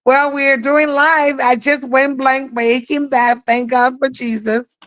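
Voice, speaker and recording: A woman's voice: high voice, flat delivery, unhurried, fairly bright tone, dry recording, poor audio. Earnest woman co-host, dry sound. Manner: emotional, rambling storytelling. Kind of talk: live online talk show.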